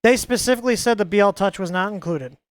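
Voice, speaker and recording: A woman's voice: mid-range voice, fast, no room sound. A woman hosting a live stream, chatting casually and ranting in exasperation, often stumbling and repeating words.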